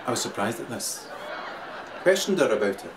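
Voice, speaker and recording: A Scottish-accented male vlogger delivers a rambling, crude monologue, laughing through his talk and swinging between loud and quiet. His mid-range voice has big pitch swings and a brisk pace. The mic is distant, with a loud crowd and noise around him.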